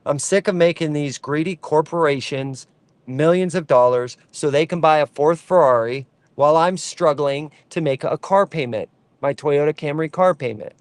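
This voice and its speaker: A man's voice: fairly high pitch, normal speed, no echo. Fervent man ranting to camera. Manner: fervent, preachy, repeats lines for emphasis. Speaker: trucker advocate. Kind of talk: impassioned direct-to-camera rant.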